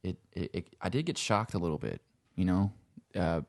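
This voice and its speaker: A man's voice: low-pitched, animated, normal speed, vocal fry, darkish tone, no room sound, studio quality. A man from Louisiana with a Cajun accent, talking in a laid-back, rambling way and swearing freely in a casual conversation. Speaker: podcast guest.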